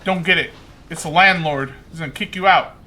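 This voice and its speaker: A man's voice: a little high, a little fast, sharp tone, a little hiss or hum. A man with a lisp, joking and rambling as he reacts to a video. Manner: rambling, jokey, talks to the screen.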